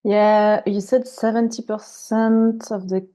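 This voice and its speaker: A woman with a mellow, warm voice asks a question during a training. She pauses and hedges as she speaks. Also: medium pitch, flat delivery.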